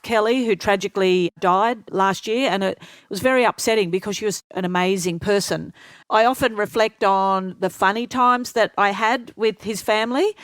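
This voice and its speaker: Older female guest, animated storyteller, close dry studio sound. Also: mid-range voice, clear, resonant tone, dry recording. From Australia. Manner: lively anecdotes, acts out quoted voices. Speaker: interview guest. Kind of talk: storytelling interview.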